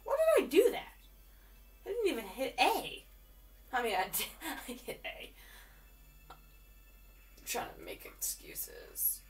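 An excitable woman chatting through a game as she plays, often repeating words in quick bursts. Her voice is fairly high and swoops up and down a lot. She sits back from the mic, with faint game music underneath. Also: far from the mic. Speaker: gamer. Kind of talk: live game commentary.

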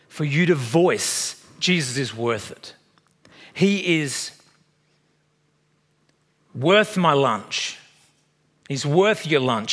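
A man in his fifties with an Australian accent, a pastor preaching a sermon and telling chatty stories with laughs along the way. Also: high voice. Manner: storytelling, animated and chatty, laughs at own stories.

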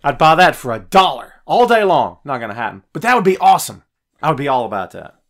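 A podcast host, a man, rants about wrestling with a high, very lively voice that leaps up and drops low as he gets fired up. He swings from loud outbursts to muttered asides while answering his live chat. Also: quick pace. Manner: animated, fired-up ranting, swings loud and soft. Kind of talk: heated wrestling rant.

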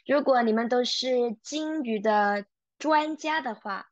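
Slow, careful woman teaching Mandarin. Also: a little high, dry recording, highs cut off. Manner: explains in English, models Mandarin words for repetition, frequent "okay?". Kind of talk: online language lesson.

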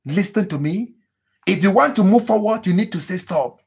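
A man preaching as a pastor, with emphatic repetitions, sudden high cries. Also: animated, moderate pace, creaky, darkish tone, breathy edge. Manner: mimics people praying in tongues. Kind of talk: sermon.

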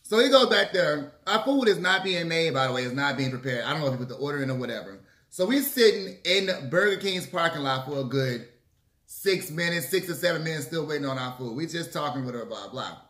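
Guy ranting a story to the camera, kinda high voice, echoey room, cusses a lot. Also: brisk. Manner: animated, acts out quotes, swears freely. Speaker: mukbang vlogger.

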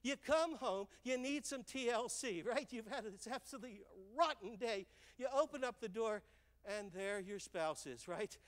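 An older man giving a stage talk, telling lively stories and checking in with the audience with "right?" and "okay?". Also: very high-pitched, normal speed, long reverb tail. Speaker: speaker. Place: large hall on stage.

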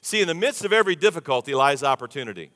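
A man's voice: a little high, animated, very fast, fairly bright tone. A man preaching a sermon to a congregation in a folksy, conversational way, calling on the crowd to answer back. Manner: folksy, conversational preaching with audience call-and-response. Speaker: pastor. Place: large church sanctuary. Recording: long reverb of a big church hall.

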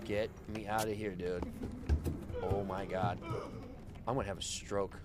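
A man's voice: low voice, little pitch movement, measured pace, very noisy. A man streaming a horror game, panicky and frantic, swearing as he reacts. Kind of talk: live horror game commentary.

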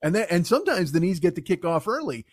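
A man's voice: sits high, big pitch swings, quick pace, breathy edge, no echo, clean studio sound. A man hosting a podcast, doing a comedic monologue that rambles and swears a lot. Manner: profane, rambling riffing. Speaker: podcast host.

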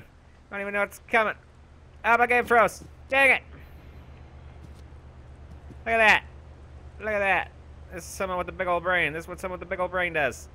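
A young man commentating his own gameplay, bragging goofily about being a genius and yelling for help in mock panic. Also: sits high. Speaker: gaming YouTuber. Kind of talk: let's play commentary.

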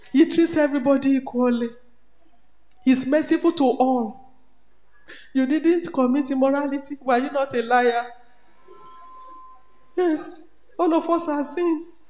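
A woman with a Nigerian accent preaching at a retreat in an animated manner. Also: high-pitched. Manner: animated, switches between English, Pidgin and Yoruba. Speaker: retreat speaker. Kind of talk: sermon. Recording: echoey hall with long reverb.

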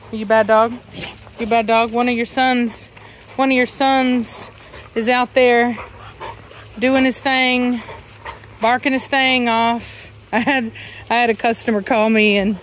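Chatty woman breeder, brisk and bright. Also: a little high, slight background noise. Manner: chatty, scolds dogs sharply then coos softly. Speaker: dog breeder. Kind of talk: casual vlog talk to camera and dogs. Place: outdoors in a dog yard.

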